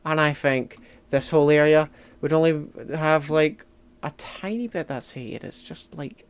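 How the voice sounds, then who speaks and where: A man's voice: fairly high pitch, unhurried, clean tone. A young Scottish man chatting casually while streaming a strategy game, reading and answering chat with joking, mock-indignant outbursts. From Scotland. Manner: chatty, jokey, swings between mumbling asides and loud mock outrage. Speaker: gaming streamer.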